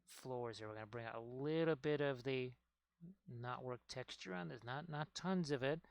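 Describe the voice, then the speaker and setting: With a medium-pitched voice carrying some vocal fry, a man rambles at a normal speed while painting miniatures on a casual stream. He chats with viewers as he works, tutorial-style. The recording has no room sound.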